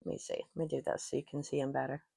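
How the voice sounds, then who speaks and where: A very deep, warm, creaky voice with a breathy edge comes at rapid-fire speed but with flat delivery, and there's no echo. The woman hosts her own jewelry channel, casually gushing over each piece with self-deprecating asides in show-and-tell chat, using a personal microphone worn while talking.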